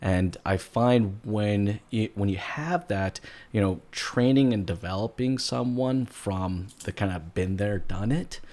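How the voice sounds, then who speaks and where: A man's voice: lowish voice, a little slow. A man hosting a podcast interview, upbeat and jokey, chatting casually with his guests. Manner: upbeat, jokey, loud greetings. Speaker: podcast host.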